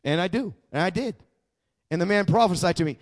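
A man with a high-pitched voice preaches a sermon as a personal story. He talks conversationally, often restarting his words. Then he presses his points with growing fervor. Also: a little fast. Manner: conversational testimony, swelling into fervent emphasis; frequent stammered restarts. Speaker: pastor.

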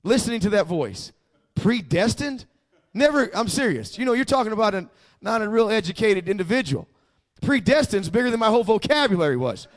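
High-voiced, emphatic male preacher. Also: big pitch swings, fairly quick. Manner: emphatic, with call-and-response prompts to the congregation. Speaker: pastor. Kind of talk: sermon.

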